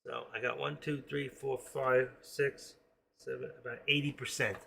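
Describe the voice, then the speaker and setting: This excitable day trader, in his sixties, has a gravelly mid-range voice at normal speed as he rambles through casual live-stream commentary with pep-talk asides.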